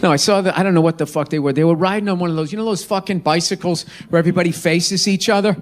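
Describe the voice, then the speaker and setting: A man's voice: high voice, racing. A man performing a profane, mocking stand-up comedy rant at a live show. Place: live comedy venue with audience.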